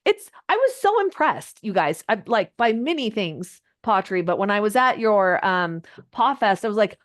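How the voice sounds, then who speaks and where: A woman coaching a group live on a video call, chatty and animated, her voice jumping up when she gets excited. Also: mid-range voice, brisk, hardly any pauses. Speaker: social media coach. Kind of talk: live online coaching session.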